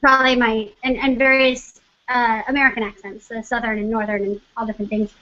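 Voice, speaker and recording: Woman, high pitch, bright tone, bubbly and chatty, actress guest, muffled stream audio. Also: little pitch movement, fairly quick. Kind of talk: casual interview chat.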